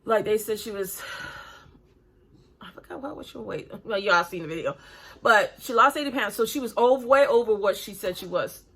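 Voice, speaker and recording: A woman in her forties gives blunt, critical reaction commentary in a casual, chatty way. She breathes hard between phrases, and her voice is bright and forceful. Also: mid-range voice, lively intonation, normal speed, husky. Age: 40s. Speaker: reaction video host.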